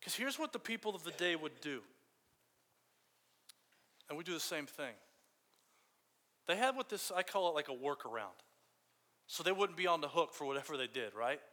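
A man's voice: a little high, lively intonation, moderate pace, pauses often, bright, forceful tone. A man preaching a sermon in a casual, storytelling way. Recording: long hall reverb.

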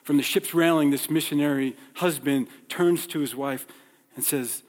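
A man's voice: on the high side, moderate pace, a little mellow. A man from New York preaching a sermon, telling stories conversationally and acting out the people in them. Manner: conversational, acts out dialogue in stories. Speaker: pastor. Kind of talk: sermon with personal storytelling. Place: church sanctuary. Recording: long hall reverb.

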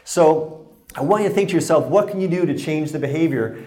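A man's voice: a little high, fairly quick, a little mellow. A man giving a workshop talk on stress in a conversational, joking way, acting out the exchanges he quotes. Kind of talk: lecture with anecdotes. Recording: roomy hall sound.

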